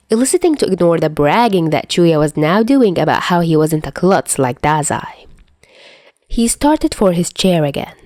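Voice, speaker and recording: A woman narrating fan fiction aloud, expressive, dropping to soft whispers at times. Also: on the low side, no echo, studio quality. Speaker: podfic reader.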